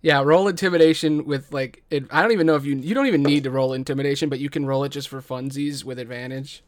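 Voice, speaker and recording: A man's voice: mid-range voice, fairly even intonation, fast. A man narrating a tabletop game as game master, in a playful way with frequent laughter.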